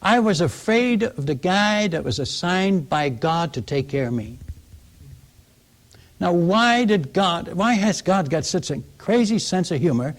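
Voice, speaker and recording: A man preaching as a missionary, telling stories in an animated way, acting out the people he quotes and chuckling at his own tales. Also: high-pitched, a little slow. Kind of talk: storytelling sermon.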